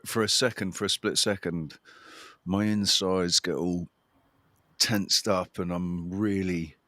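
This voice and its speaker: A man with a very deep, low voice chats casually as a livestream host. He rambles and restarts his sentences often, breaking into a chuckling laugh. The sound is dry and close, with almost no room echo. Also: fairly bright tone. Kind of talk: casual chat.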